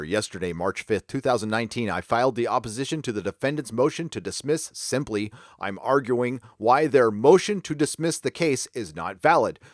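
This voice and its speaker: A man's voice: mid-range voice, no room sound, clean studio sound. A man hosting a commentary vlog who talks emphatically and drops sarcastic asides. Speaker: commentary channel host.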